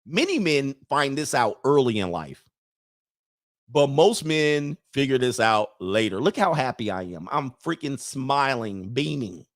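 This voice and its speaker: A man's voice: medium pitch, very animated, measured pace. A man hosting a show of dating advice for men, talking in a blunt, preachy casual monologue and laughing at his own points. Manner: acts out other people's lines in put-on voices.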